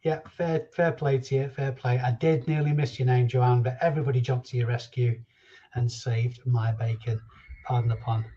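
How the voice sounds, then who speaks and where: Jokey stream host reading chat names, mellow voice, slightly muffled home recording. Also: male voice, medium pitch, steady tone, moderate pace. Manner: chatty and jokey, reading viewer names aloud. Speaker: reseller livestream host. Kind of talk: casual live-stream chat.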